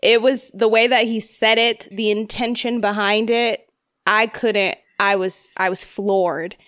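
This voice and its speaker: A young woman in casual movie review chat, animated and joking, swearing freely. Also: mid-range voice, measured pace, clear, resonant tone.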